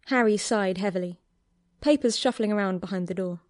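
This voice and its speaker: A woman reads a romance story aloud in an even, steady telling. Her voice sits at a middling pitch. The recording is dry, with no room sound. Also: brisk, dry recording. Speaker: narrator. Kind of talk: audiobook narration of fan fiction.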